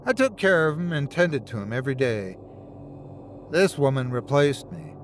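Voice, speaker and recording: Guy doing a vengeful ghost lady, low and hushed, blaming, rises and falls a lot. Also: lively intonation, moderate pace, slight background noise, lightly acted. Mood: bitter. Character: vengeful female ghost, mournful and accusing.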